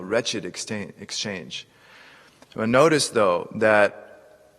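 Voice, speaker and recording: A man teaching Quran exegesis in a lecture, explaining patiently with repeated words and quick Arabic recitations. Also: lowish voice, long reverb tail. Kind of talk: classroom lecture.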